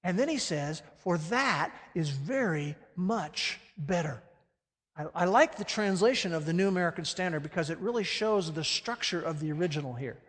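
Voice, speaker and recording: A man preaching a sermon with animated delivery, swinging between loud emphatic peaks and hushed, low phrases. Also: moderate pace, big-room sound. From Alabama. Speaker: pastor.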